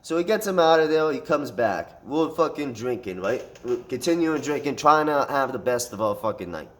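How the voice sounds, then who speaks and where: A man's voice: mid-range voice, normal speed, slight background noise. A man telling a fight story in a casual storytime monologue, swearing constantly and rambling with restarts. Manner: profane, animated retelling with frequent swearing.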